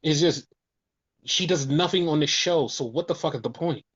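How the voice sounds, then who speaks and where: A man hosting a casual podcast, recounting events in an excited, expletive-filled rush. His voice sits a little high. The audio is slightly muffled and lo-fi. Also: normal speed, slightly rough. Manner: excited, profane storytelling. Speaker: podcast host.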